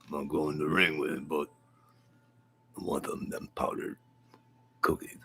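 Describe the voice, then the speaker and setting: A man's voice: level tone, moderate pace, pushed and bright, a little hiss or hum, exaggerated voice. Man doing a mumbling tough-guy boxer. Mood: lovestruck mumbling. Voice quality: low, mumbled, slurred.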